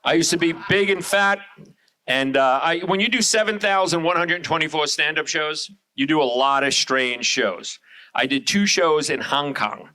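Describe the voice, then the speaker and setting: A middle-aged man from Long Island, doing loud, brash, crude stand-up and crowd work on a showroom stage. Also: a little high, moderate pace. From Long Island, New York. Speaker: stand-up comedian. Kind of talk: live stand-up comedy.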